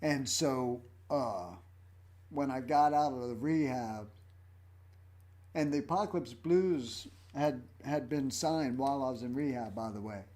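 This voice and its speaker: A man's voice: mid-range voice, measured pace, dark tone. A man in his fifties hosting a casual livestream, telling rambling stories about his life as a rock drummer. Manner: rambling, anecdotal storytelling.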